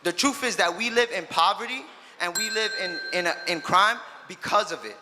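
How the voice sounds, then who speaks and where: A man's voice: high voice, normal speed. A man giving heated, indignant testimony at a public hearing. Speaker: public commenter. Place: large public hearing hall. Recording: long hall reverb, faint noise.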